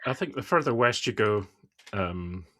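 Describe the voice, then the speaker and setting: A man's voice: fairly low pitch, expressive, normal speed, a bit bright. A man with a mild Scottish accent, co-hosting a podcast in a casual chat, speaking in a mild-mannered way with frequent hesitations and restarts. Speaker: podcast co-host, principal analyst.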